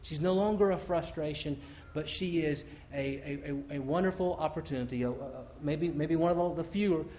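A man's voice: on the high side, a little fast, a little mellow. A middle-aged man preaching a conversational sermon to his congregation, often repeating and restarting words as he goes. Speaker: pastor.

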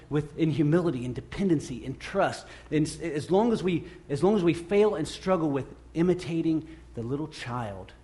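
Middle-aged man, pastor preaching, a touch high-voiced, earnest, full of restarts and swelling emphasis. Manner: earnest, halting with repeated restarts, swells loud when acting out scripture. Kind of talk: sermon.

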